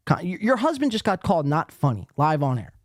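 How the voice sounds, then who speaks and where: A man's voice: on the high side, big pitch swings, a little fast, no echo, studio quality. A man from the East Coast hosting a podcast, reacting sarcastically to a livestream and reading chat aloud with plenty of swearing. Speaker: podcast host. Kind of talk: casual commentary on a livestream.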